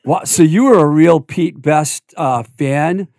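A man's voice: a little high, slow pace, darkish tone, no echo, studio quality. A man hosting a podcast, chatting casually and prompting his guest to tell stories. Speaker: podcast host. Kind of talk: casual interview chat.

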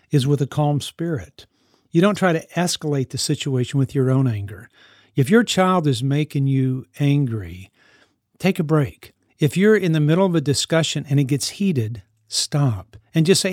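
A man's voice: medium pitch, a little mellow, dry recording, clean studio sound. A man who mentors teenagers gives an earnest parenting talk, often repeating and restarting his phrases. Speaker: youth mentor living with teens.

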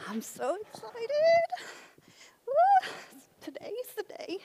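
A woman's voice: on the high side, lively intonation, in a large hall, a little hiss or hum, lightly acted. A woman playing a bubbly, flustered church mom. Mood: excited. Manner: bubbly, chatty, quick to apologize. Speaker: actor in a church skit.

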